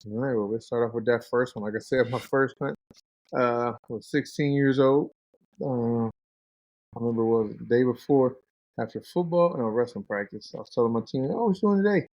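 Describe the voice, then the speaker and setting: A man in his thirties tells hunting stories in a relaxed, casual way. He jumps into higher voices to act out what his friends said. The sound is dull and dry, like a muffled podcast mic in a deadened room. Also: moderate pace, dry recording. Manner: animated, acts out quoted friends in a higher voice. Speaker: guest, pro fighter and bow hunter. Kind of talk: casual storytelling.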